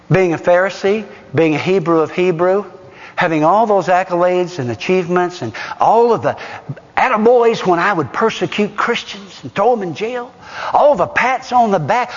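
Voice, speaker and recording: A man preaches with a high, swooping voice that rises and falls all through his delivery. He keeps hammering his listeners with rhetorical questions and stresses key words hard. The recording is dull and muffled, with a long reverb ringing through a big hall. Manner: emphatic, pelting the congregation with rhetorical questions. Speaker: pastor. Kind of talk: sermon.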